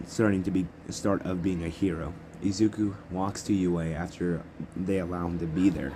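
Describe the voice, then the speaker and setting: A man's voice: sits low, noisy background. A young man improvising a fan story as narrator, rambling and correcting himself as he goes.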